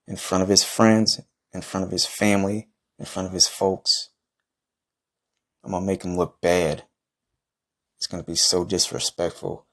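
A man's voice: low voice, fairly bright tone. A man doing a comedic trash-talk monologue as a boastful, profane wrestler persona. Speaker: podcast host in a comic wrestler persona.

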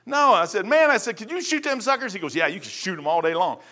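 A man preaching through homespun stories, his voice high and lively as he acts out what other people said. The tone is bright and sharp, and he talks in a loose, conversational way from the pulpit. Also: quick pace. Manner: animated, acts out voices in anecdotes. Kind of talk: folksy sermon storytelling.

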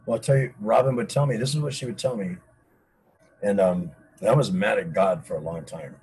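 A man's voice: fairly low pitch, fairly quick, a little mellow, a little hiss or hum, poor audio. A man speaking candidly as an interview guest, intense and emphatic, swearing freely. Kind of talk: candid personal conversation.

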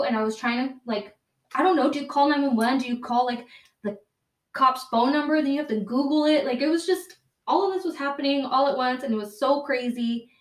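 A young woman with a slightly high voice casually tells a rambling, profane story full of fillers and self-corrections. She is recorded from a distance, off-mic, in an echoey room.

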